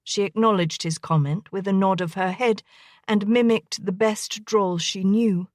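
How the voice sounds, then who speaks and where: A woman reading a historical romance audiobook as narrator, in an even, gentle manner on a close studio mic. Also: medium pitch, measured pace, no room sound. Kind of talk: scripted narration.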